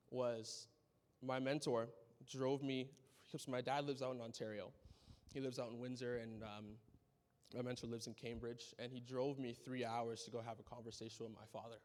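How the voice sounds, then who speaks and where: A young man giving an earnest personal testimony at a conference, telling his story with animated energy and often checking in with "right?". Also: mid-range voice. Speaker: conference speaker. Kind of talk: testimony talk. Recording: long hall reverb.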